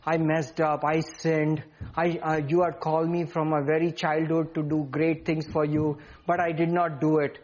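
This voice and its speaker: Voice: mid-range voice, little pitch movement, moderate pace, a little mellow, lo-fi sound, pitched below the performer's own voice, natural voice. A preacher voicing an anxious believer who fears having failed and sinned, with fretful, self-doubting questions. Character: anxious believer confessing failures, unsure of self.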